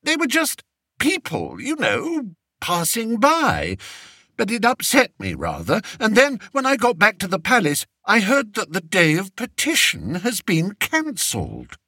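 A man voicing a vain, anxious young king who speaks in a high, plaintive way, in an audiobook. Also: wildly swooping pitch, unhurried, sharp tone, no echo, clean studio sound, full character voice. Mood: fretful. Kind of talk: audiobook character voice.

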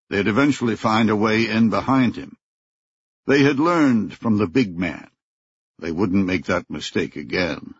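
A man narrating a thriller audiobook in a steady, measured way. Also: on the low side, husky, dry recording. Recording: dry, dull lo-fi recording.

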